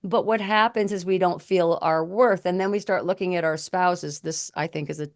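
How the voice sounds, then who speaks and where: A middle-aged woman co-hosting a candid conversation, blunt and animated as she tells stories. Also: on the low side, normal speed, dry recording, studio quality. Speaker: co-host.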